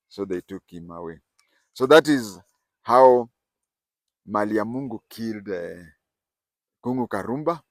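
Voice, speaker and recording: A man's voice: on the low side, no echo. Older man telling stories. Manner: animated, rising and falling emphasis. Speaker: storyteller host. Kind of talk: casual spoken storytelling.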